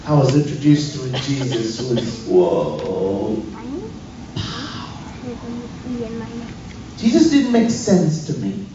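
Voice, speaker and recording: A middle-aged man from Africa, a guest preacher telling a story in a lively sermon and acting out the dialogue. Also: normal speed, hardly any pauses, background noise. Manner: animated, acting out dialogue with swooping pitch. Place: church. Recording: echoey church hall, distant dull mic.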